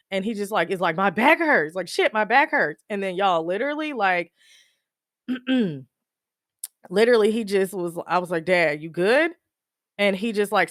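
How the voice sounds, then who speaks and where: A woman's voice: medium pitch, fairly bright tone, dry recording, clean studio sound. Woman host telling an emotional story. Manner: emotional, addresses listeners as y'all. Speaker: podcast host. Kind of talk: personal storytelling.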